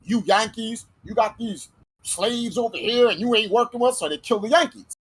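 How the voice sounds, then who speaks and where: Husky, animated American podcast host. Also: male voice, high-pitched, moderate pace, rough recording. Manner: animated, slangy, acts out quoted voices. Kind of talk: casual podcast monologue.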